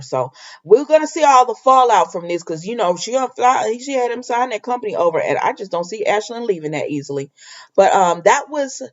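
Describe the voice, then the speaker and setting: A woman's voice: on the high side, animated, normal speed. Chatty woman recapping, lo-fi audio. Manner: chatty, talks straight to viewers and characters. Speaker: soap opera recap vlogger. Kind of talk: casual chat.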